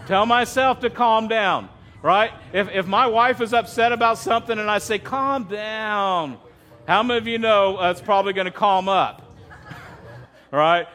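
A man's voice: high-pitched, fairly bright tone. A man preaching a sermon as pastor, in a conversational way, often asking the congregation questions and restarting his phrases.

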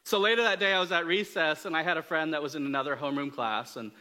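A man's voice: on the high side, fast talker, pushed and bright. A man giving a casual storytelling sermon, joking about himself, with many fillers and restarts. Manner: conversational, self-deprecating humor, frequent fillers and restarts. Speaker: preacher.

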